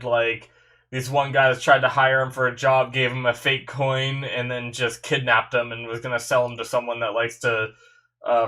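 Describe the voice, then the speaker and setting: A young man with a congested, stuffy nose talks casually at a medium pitch. He rambles through his reactions, restarting sentences and filling gaps with "like" and "you know". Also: pushed and bright. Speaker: anime reaction host.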